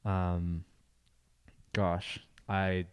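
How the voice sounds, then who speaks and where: A man hosting a casual chat show, introducing viewer videos in a halting way with many pauses and restarts. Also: sits low, level tone, smooth, no echo. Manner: halting, full of fillers and restarts. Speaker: show host.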